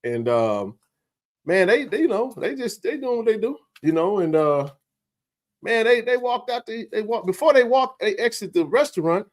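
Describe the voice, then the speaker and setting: A man's voice: sits high, big pitch swings, normal speed. A man from Mississippi, hosting a sports livestream and telling a long story in a fired-up, chatty way with lots of fillers. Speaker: sports talk show host.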